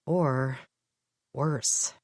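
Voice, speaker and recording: A woman narrating a first-person audiobook with expressive, sardonic delivery. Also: very deep voice, very slow, no room sound, clean studio sound.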